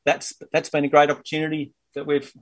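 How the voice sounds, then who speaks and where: Easygoing Australian man, slightly high voice. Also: monotone, fast talker. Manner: upbeat, easygoing, joking. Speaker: guest, cardiac arrest survivor. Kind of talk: casual interview chat.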